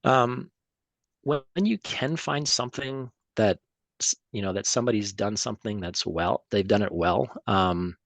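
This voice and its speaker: A middle-aged man giving a relaxed presentation to an audience, hesitant with many ums and restarts, clearing his throat now and then. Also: on the low side, measured pace, dry recording. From United States. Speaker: emergency physician and tennis official giving a talk.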